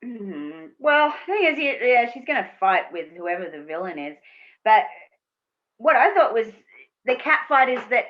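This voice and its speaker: A woman's voice: on the high side, sing-song, moderate pace. A woman guest from Australia in a casual interview, chatty, laughing easily and restarting her sentences. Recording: dull lo-fi sound.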